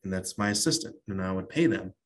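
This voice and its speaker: A man's voice: sits low, expressive, fast. A man, a tax strategist guest in an interview, explaining things in a loose, storytelling way with many fillers. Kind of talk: casual interview talk.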